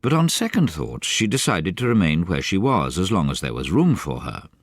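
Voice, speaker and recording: A man reading a children's novel aloud as an animated audiobook narrator. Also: low voice, moderate pace, no room sound, studio quality. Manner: animated, varied storytelling. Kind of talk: expressive storybook narration.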